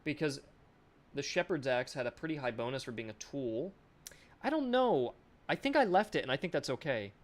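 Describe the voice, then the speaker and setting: A man of middle pitch talking his way through editing work on a live stream. He is chatty and loose, pokes fun at himself and swears in passing, close to his desk microphone. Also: sing-song, normal speed. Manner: chatty, self-mocking, swears offhandedly. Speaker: game developer. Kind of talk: casual live-stream commentary.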